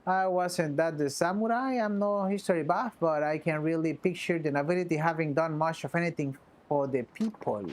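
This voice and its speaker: A woman's voice: deep voice, normal speed, a little mellow, natural voice. A woman voicing a blunt, mocking male brawler from a video game, sarcastic and impatient in casual slang. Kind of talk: reading game dialogue aloud.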